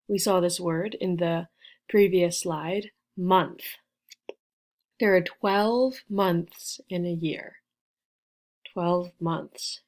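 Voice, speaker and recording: A woman in her twenties teaching beginner English, patiently spelling out sounds and repeating each word. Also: lowish voice. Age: 20s. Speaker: ESL teacher. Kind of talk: slow beginner English lesson.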